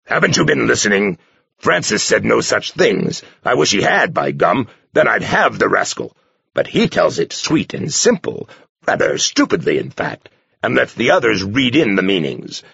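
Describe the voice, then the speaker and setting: Man voicing a gruff, sarcastic old abbot. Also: lowish voice, sing-song, normal speed, bright, forceful tone, no room sound, dull audio, voice pushed up, heavily acted. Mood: exasperated. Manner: roaring, growling, mocking.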